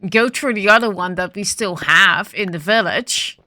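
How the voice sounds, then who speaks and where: A woman's voice: medium pitch, moderate pace, sharp tone, no echo. A woman with a morning voice casually commenting on her gameplay, thinking aloud with frequent ums and restarts. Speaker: gaming video host.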